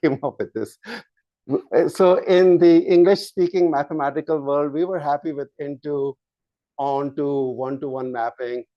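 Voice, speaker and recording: A man lecturing a university math class, slow and halting, with frequent fillers and restarts while he draws on the board. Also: fairly high pitch, fairly even intonation, no room sound. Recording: dull lo-fi lecture capture.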